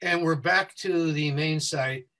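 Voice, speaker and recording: A man working as a safety consultant. He speaks quickly and explains things step by step as a guest who walks listeners through a website. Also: fairly high pitch, sharp tone, rough recording.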